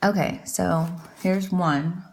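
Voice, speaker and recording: Chatty, rambling woman with a lowish voice. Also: steady tone, slow pace, gravelly, a little hiss or hum. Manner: chatty, rambling, self-deprecating. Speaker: beauty vlogger. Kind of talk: casual makeup tutorial chat.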